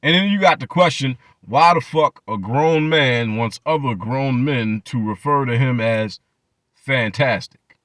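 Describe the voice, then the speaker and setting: A man's voice: medium pitch, a little slow, a bit bright, no room sound, clean studio sound. A man hosting his channel, ranting in profane reaction commentary and mocking people with repeated phrases. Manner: mocking, profane rants with many repetitions. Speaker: channel host.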